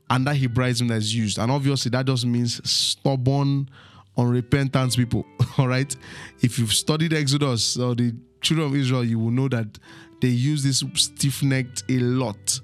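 Man teaching the Bible with fill-in questions. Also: medium pitch. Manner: asks the listeners to fill in words and keeps checking they follow. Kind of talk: Bible teaching, reading and explaining verses.

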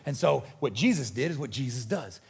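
A man preaching a sermon as pastor, animated and conversational, joking and acting out voices. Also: medium pitch, a little fast, creaky, husky. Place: church.

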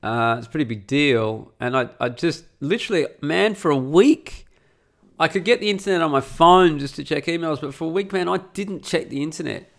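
Speaking at home in the middle of a renovation, a podcast host and blogger talks solo in a casual, rambling, profane and self-mocking way. His voice is creaky, fairly high in pitch, and a little fast.

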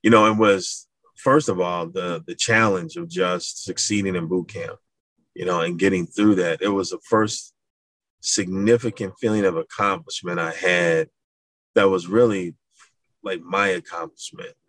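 A middle-aged man from Madison, Wisconsin, talking casually as an interview guest, animated storytelling. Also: deep voice, unhurried. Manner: animated, acts out voices in his stories, laughs. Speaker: guest, school founder.

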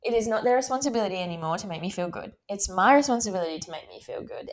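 Australian woman, twenties, casual personal talk, chatty, open, mid-pitched. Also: animated, quick pace. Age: 20s. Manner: candid and chatty, with frequent fillers and laughs. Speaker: podcast host.

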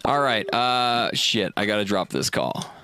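Casting note: man in a loose live call-in show, tipsy, rambling, thankful, swinging pitch. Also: sing-song, unhurried, bright, forceful tone, clean tone. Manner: rambling, gushing thanks, laughs and swears. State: tipsy from shots. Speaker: podcast host.

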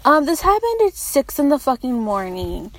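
Young woman, podcast host, high voice, dry close sound, blunt and profane. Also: very animated, normal speed, no room sound. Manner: blunt, profane, laughing often. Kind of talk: casual podcast chat.

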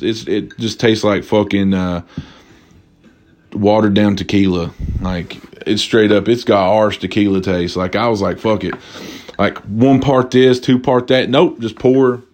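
A man's voice: lowish voice, normal speed, a little mellow. A man hosting a casual drinking podcast, rambling and profane, cracking jokes and correcting himself, a little tipsy. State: tipsy from tequila. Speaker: podcast host.

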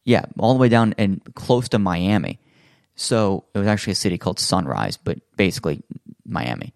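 A man's voice: low voice, lively intonation, a little fast, vocal fry, dry recording, studio quality. A man in casual chat, telling a long story with lots of fillers and acting out other people's lines.

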